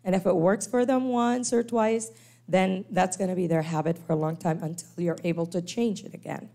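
Woman giving a talk at church, mellow warm voice, acts out little scenes as she goes. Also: on the low side, moderate pace. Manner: animated, acts out quoted parents and kids. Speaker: lecturer on special needs teaching. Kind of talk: church workshop lecture.

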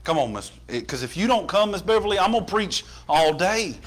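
A pastor preaching a sermon, building from plain storytelling to impassioned shouting in a church. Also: male voice, high-pitched, animated, fairly quick.

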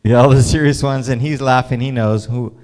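A male pastor telling a personal story in a sermon, animated and casual, laughing often and filling gaps with "you know". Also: mid-range voice, a little fast.

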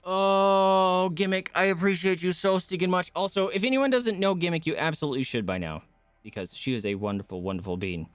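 Man streaming a game, high animated voice, frustrated swearing rant, faint game music behind. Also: clean tone, dry recording. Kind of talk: live gameplay commentary.

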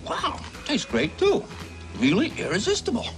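A performer playing an excited snack taster in a 1970s TV commercial, gushing with exaggerated delight. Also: high voice, normal speed, full character voice. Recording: old TV ad with music behind.

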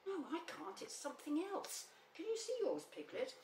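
A woman voicing a young, excitable kangaroo boy who chatters in a high, eager voice. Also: moderate pace, heavily acted. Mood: excited. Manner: high, eager, breathless questions. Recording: roomy, slightly distant, faint hum.

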